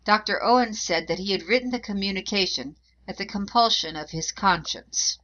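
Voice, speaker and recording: A woman narrating a historical account in a measured, even reading voice. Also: mid-range voice. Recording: dull lo-fi recording.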